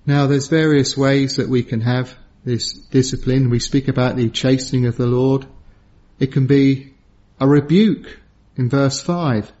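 A man's voice: mid-range voice, steady tone, measured pace, dark tone. A man preaching an evening sermon to a congregation in an earnest way, often repeating a word while he finds the next. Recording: dull lo-fi sermon recording.

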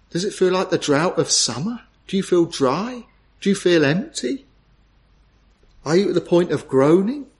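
A man preaching a sermon in an earnest, pleading way, asking the listeners many questions. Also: fairly high pitch.

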